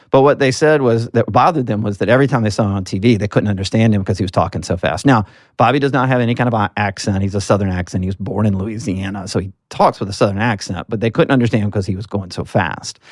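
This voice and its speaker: A man's voice: medium pitch, darkish tone, no room sound, studio quality. A man from Alabama, a political marketing guest, telling stories earnestly in a casual interview with plenty of fillers. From Alabama, US South. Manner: earnest storytelling with frequent fillers.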